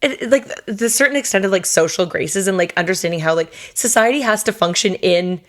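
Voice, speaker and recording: A woman's voice: mid-range voice, fast. A woman co-hosting a podcast in casual chat, rambling with many asides. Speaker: podcast co-host.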